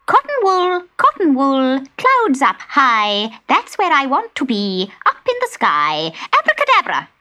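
A dreamy, impulsive young witch, as a woman puts her on, high-voiced with a wildly swinging melody and an unhurried pace. She bubbles with giggles and breathless exclamations in a storybook reading, with music playing underneath. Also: huge pitch swings, bright, forceful tone, full character voice. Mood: excited. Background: background music.

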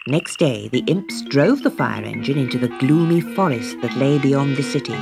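A woman narrating a children's story slowly and expressively. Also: rumbling low, animated, gravelly. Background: background music.

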